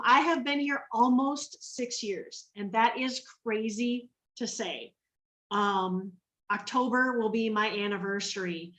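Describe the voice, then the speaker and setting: A woman's voice: a little high, fairly bright tone, reverberant, distant mic. A woman from Minnesota telling her story to an online group, acting out the voices of the people she quotes. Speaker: guest speaker on a training call.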